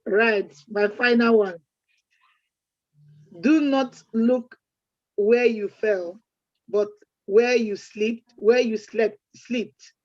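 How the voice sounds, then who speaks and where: A woman with a fairly high, darkish voice gives closing remarks as co-host of a community event. She's talkative, leans on proverbs, and restarts sentences a lot. The recording is dry, dull, and lo-fi.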